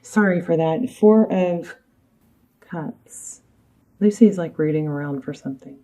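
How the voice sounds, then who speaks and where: A woman's voice: on the low side, measured pace, dark tone, low-quality recording. A woman giving a casual, rambling tarot reading to camera, chatty and easily sidetracked, with many fillers. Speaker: tarot reader. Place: home room with her dog.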